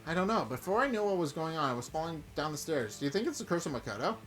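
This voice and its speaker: A man's voice: a little high, big pitch swings, rapid-fire, a bit bright, faint music behind. A man reading a secretive schoolgirl. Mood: subdued. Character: secretive young female student.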